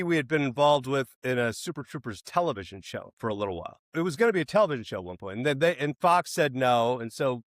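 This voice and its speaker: A man in his fifties, a guest in an interview, telling anecdotes in a casual, animated and profane way. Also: mid-range voice, no echo, clean studio sound. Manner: animated, profane, acts out other people's quotes.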